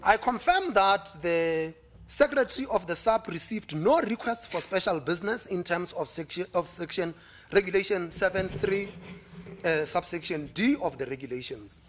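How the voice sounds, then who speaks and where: A man with a South African accent chairing a formal meeting, reading agenda items steadily with small pauses. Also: sits high, animated.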